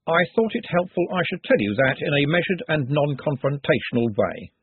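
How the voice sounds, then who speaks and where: A man's voice: a little high, expressive, moderate pace, slightly rough, no echo, pitched above the performer's own voice. A man voicing a prim, precise male secretary who talks in a formal, literal, solemn way. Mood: earnest. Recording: dry, phone-like narrow sound.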